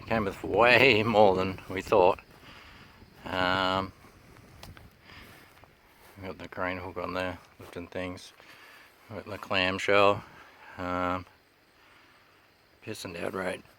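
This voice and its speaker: Slow, low-voiced man. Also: little pitch movement, vocal fry, sharp tone. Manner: laid-back, halting, many "uh" pauses. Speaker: machinery restorer. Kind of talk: casual walkthrough narration. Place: inside a running dragline cab, outdoors in the rain. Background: faint engine rumble.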